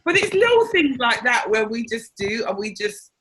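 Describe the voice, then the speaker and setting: Her voice fairly high and her pace moderate, a middle-aged woman who does comedy tells family stories during an interview, casual and animated, acting out the voices she quotes. The audio is poor, with a little hiss or hum.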